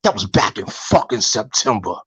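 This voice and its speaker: A man's voice: lowish voice, big pitch swings, moderate pace, a bit bright, husky, dry recording. A man on a heated live-stream call, ranting, repeating himself and swearing constantly. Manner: profane, heated, repetitive ranting. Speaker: guest on a live online panel.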